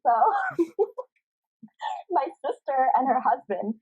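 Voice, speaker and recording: Giggly high-voiced woman on a tinny call. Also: slow, slightly rough. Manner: giggly, animated, swears freely. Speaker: guest storyteller. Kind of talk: casual anecdote telling. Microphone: video call.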